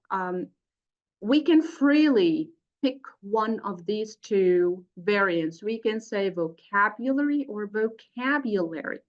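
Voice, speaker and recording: A middle-aged woman leads an online training lesson for teachers. She speaks slowly and deliberately, pausing on fillers as she works through each point. The audio is dull and lo-fi, like a computer mic on a video call. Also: mid-range voice. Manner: explains step by step with many fillers. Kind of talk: webinar lecture.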